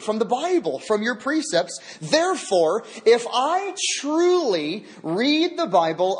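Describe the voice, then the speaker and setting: A man preaching a sermon as a pastor, emphatic and repeating key phrases for weight. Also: high-pitched.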